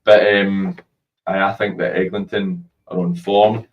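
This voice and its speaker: A man's voice: low voice, flat delivery, unhurried, muffled recording. A Scottish man hosting a football chat show, frank and loosely conversational. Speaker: show host. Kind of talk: casual chat.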